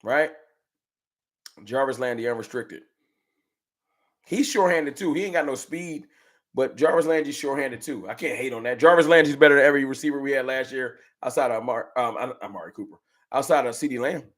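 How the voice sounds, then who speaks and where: Trash-talking man hosting a sports livestream. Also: medium pitch. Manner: animated trash talk, slangy, drawn-out rants. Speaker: sports fan livestream host. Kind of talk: casual livestream chat reading super chats.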